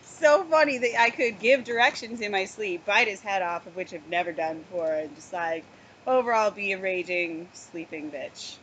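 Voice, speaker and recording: A woman's voice: medium pitch, normal speed, fairly bright tone, slight background noise. A woman co-hosting a casual podcast, telling a story with lots of laughter and the odd swear word. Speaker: podcast co-host.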